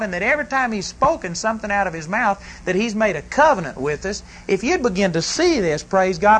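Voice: mid-range voice, fairly bright tone, low-quality recording. A preacher delivers a folksy, rambling sermon to a congregation, often asking them questions and correcting themselves mid-thought. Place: church service before a congregation.

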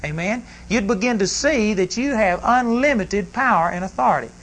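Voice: mid-range voice, lively intonation, normal speed, a bit bright, rough recording. A preacher delivers a folksy, rambling sermon to a congregation, often asking them questions and correcting themselves mid-thought. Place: church service before a congregation.

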